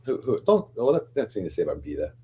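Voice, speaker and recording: A man's voice: lowish voice, very animated, quick pace, mellow, slightly rough. A man hosting a stream, chatting casually in a rambling, apologetic way. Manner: rambling, apologetic, keeps saying sorry. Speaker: stream host. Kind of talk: casual chat.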